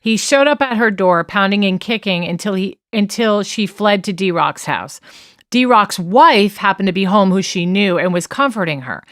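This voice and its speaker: A woman co-hosting a casual podcast recaps a trial with animated restarts, lifting her voice to act out the texts she quotes. Her voice sits at an average pitch, and the recording is dry and close. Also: moderate pace, no echo. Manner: animated retelling with restarts, quoting texts in a raised voice. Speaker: podcast co-host. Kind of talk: casual true-crime chat.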